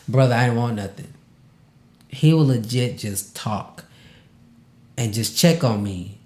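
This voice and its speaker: A man's voice: medium pitch, a little mellow, echoey room. A man hosting a podcast, speaking from the heart, casual and emotional, near tears and laughing through it, repeating words for emphasis. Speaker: podcast host.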